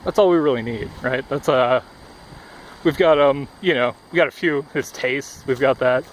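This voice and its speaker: A man's voice: medium pitch, normal speed. A young man vlogging outdoors, rambling and out of breath, with lots of fillers and swearing. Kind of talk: rambling casual monologue. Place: outdoors by a busy road. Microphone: headphone cord mic. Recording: faint traffic noise outdoors. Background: passing cars.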